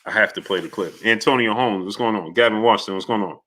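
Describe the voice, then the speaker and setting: A man hosting a livestream about boxing, excitable and reading out viewer messages, swinging between loud outbursts and muttering. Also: on the low side, fast. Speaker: host.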